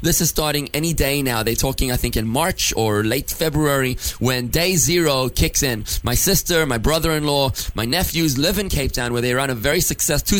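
A man's voice: mid-range voice, fairly bright tone. A man from South Africa, a rabbi hosting a radio interview, asks long, enthusiastic questions full of restarts.

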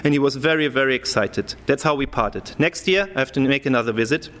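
A man's voice: medium pitch, quick pace, big-room sound. A man, a rabbi, telling a long personal story to an audience and acting out the people he quotes. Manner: animated storyteller who acts out the people he quotes.

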